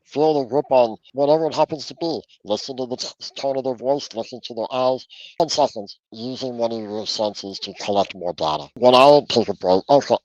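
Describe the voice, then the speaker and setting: A man's voice: mid-range voice, fairly quick, a little mellow, dry recording, muffled recording. A man giving a podcast interview as a coach, talking through mindfulness exercises in an earnest, instructive way and often repeating words as he restarts. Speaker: transformational coach, guest. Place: home office.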